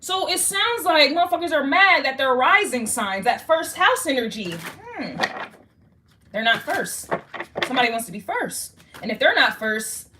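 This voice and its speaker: A woman's voice: high-pitched, sing-song, moderate pace, sharp tone. A woman giving a casual tarot reading, slangy and swearing, talking straight to the viewer. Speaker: tarot reader.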